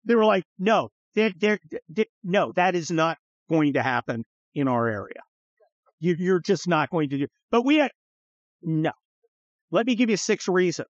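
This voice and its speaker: A middle-aged man hosting a podcast, telling stories in a profane, animated way and acting out the people he quotes. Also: high-pitched, normal speed, dry recording. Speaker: podcast host. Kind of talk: casual storytelling chat. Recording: slightly dull, dry studio sound.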